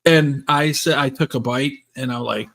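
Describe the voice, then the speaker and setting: A man's voice: medium pitch, moderate pace, creaky, fairly bright tone. A man co-hosting a casual talk show, telling blunt, profane stories and acting out the people in them. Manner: crude, blunt storyteller who acts out quotes. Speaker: podcast co-host. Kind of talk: casual banter.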